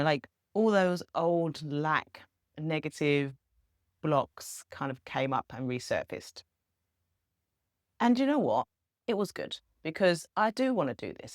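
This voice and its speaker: A woman's voice: deep voice, no room sound, studio quality. A woman, talking casually and earnestly to camera as a spiritual vlogger. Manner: upbeat, earnest, chatty with small laughs. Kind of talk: casual reflective monologue.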